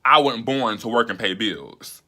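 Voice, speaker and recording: A young man vlogging in a loose, casual monologue. His voice is strikingly bright and sharp, and he talks emphatically, with plenty of swearing. He often climbs into exasperated rants. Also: on the low side, measured pace. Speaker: YouTuber host.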